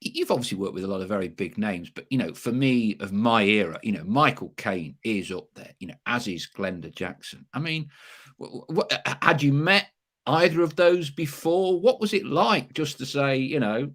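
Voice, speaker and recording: A man hosts a casual podcast interview, and his pitch swings in a lively way. He asks enthusiastic questions that stumble and stammer before they get going. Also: normal speed. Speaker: podcast host.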